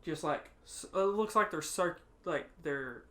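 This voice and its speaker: A man co-hosting a podcast, telling a story in casual chat, laughing often and acting out quotes loudly. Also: fairly high pitch, lively intonation, a little slow. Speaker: podcast co-host.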